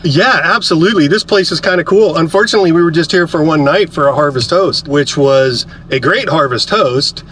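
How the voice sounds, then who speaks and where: A man's voice: on the high side, a bit bright, a little hiss or hum. Chatty upbeat man vlogging from his RV. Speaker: RV travel vlogger. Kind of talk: casual travel vlog.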